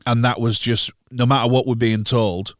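A man's voice: medium pitch, flat delivery, normal speed, no echo. A man, a guest sound engineer in a studio, telling stories bluntly and emphatically in casual chat. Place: recording studio.

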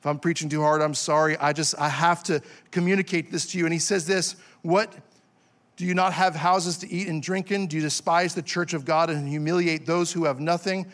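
A man's voice: fairly high pitch, fairly even intonation, moderate pace, fairly bright tone. A man preaching a sermon in a church, impassioned and building to emphatic peaks, with self-deprecating asides. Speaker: pastor.

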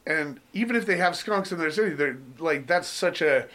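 A man's voice: on the high side, animated, moderate pace, fairly bright tone. A young man hosting a podcast in a laid-back, joking chat, swearing freely and laughing often. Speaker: podcast host. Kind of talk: casual chat.

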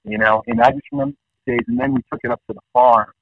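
A man in his fifties, a guest calling in, telling rambling nostalgic stories in an animated way. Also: high-pitched, very fast, gravelly, no echo. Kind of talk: casual storytelling. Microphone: phone line. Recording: dull phone-call audio.

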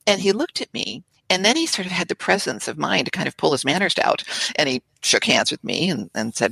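An older woman recounting her career as an interview guest, in a lively, anecdotal way with quoted voices. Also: low-pitched, moderate pace, creaky, husky, no room sound. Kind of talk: storytelling in conversation.

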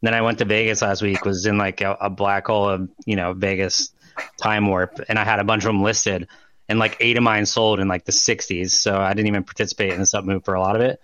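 A man's voice: fairly low pitch, flat delivery, a little fast, fairly bright tone, clear, resonant tone. A man co-hosting a casual chat who rambles loosely, swears and laughs often. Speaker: podcast co-host.

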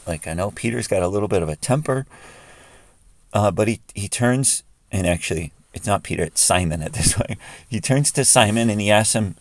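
A man with a very deep voice leads a guided imaginative prayer. He talks conversationally and often restarts his sentences. The sound is dry and close. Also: a little fast, no room sound.

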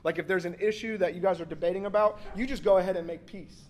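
High-voiced man preaching casually. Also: steady tone, fast, darkish tone. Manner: casual, joking delivery with acted-out quotes and frequent 'like'. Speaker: pastor. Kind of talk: sermon.

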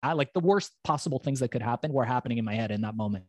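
A middle-aged man, a podcast guest, telling his own story in an animated way, swearing freely and acting out the voices of people he quotes. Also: mid-range voice, rapid-fire, no echo.

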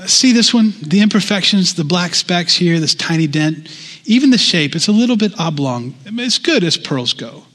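A preacher reading as an old, earnest pearl diver. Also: male voice, high voice, expressive, moderate pace, fairly bright tone, big-room sound, voice pushed up. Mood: wistful. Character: old male pearl diver, calm and devout.

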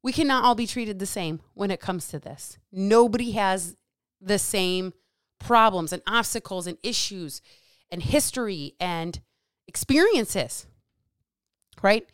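Woman, middle-aged, podcast host, blunt, swears a lot, smooth clear voice, dry close sound. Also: medium pitch, lively intonation, unhurried, no room sound. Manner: blunt, profane, sarcastic. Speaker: podcast host and diet coach. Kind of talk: casual solo podcast rant.

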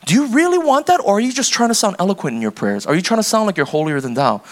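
A male pastor preaches in a relaxed, conversational way, acting out everyday scenes. His voice sits high for a man, and he keeps returning to direct, probing questions. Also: quick pace. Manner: conversational, acts out little scenes with quoted voices; rising to pressing questions. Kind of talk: sermon.

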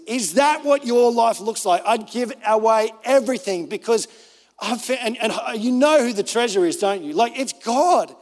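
High-voiced earnest male preacher. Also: normal speed, long reverb tail. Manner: earnest, conversational, full of fillers and self-quotes. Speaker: pastor. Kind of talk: informal sermon.

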